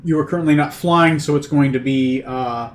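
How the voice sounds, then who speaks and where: A man running a tabletop game with a slightly high voice. He narrates loosely, trailing off into fillers and restarting his sentences. Faint noise sits behind him on the recording. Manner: loose and halting, many fillers. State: has the hiccups. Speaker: game master.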